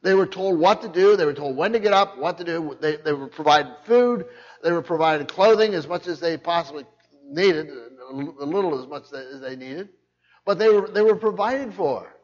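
An older pastor preaches with a fairly high voice, pressing his points hard and circling back over his words as he goes. The recording sounds muffled and low-fidelity. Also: animated, normal speed. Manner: repeats words and restarts, emphatic. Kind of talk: sermon.

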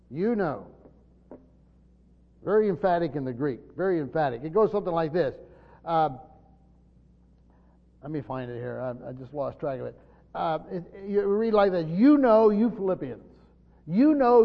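High-voiced preacher teaching in a reverberant hall. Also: male voice. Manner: stumbling restarts, emphatic rises on key points. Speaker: pastor. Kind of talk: expository Bible teaching. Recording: dull sound, long hall reverb.

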